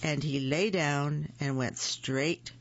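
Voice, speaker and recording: A storyteller reading picture books aloud at a gentle, unhurried pace, in a gravelly voice. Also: mid-range voice, fairly even intonation. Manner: slow, gentle read-aloud pacing. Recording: muffled, dull recording.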